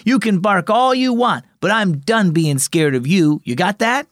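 A man's voice: sits high, animated, normal speed, no room sound, studio quality, voice pushed up. A man voicing a nervous young boy in a children's storybook devotional, with a raised, youthful delivery. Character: nervous young boy facing a big dog.

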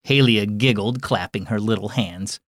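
A man hosting and narrating a children's story program in a friendly, expressive storytelling manner. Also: fairly low pitch, moderate pace, no echo, clean studio sound. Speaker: host and narrator.

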